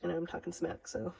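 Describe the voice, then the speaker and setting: A woman with a Minnesotan accent walks through a craft project in a loose, rambling, chatty way. Her voice sits a little low, with a gravelly edge and a husky, breathy grain. She keeps laughing at her own slips as she goes. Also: mellow, low-quality recording. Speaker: craft demonstrator. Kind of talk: casual craft tutorial.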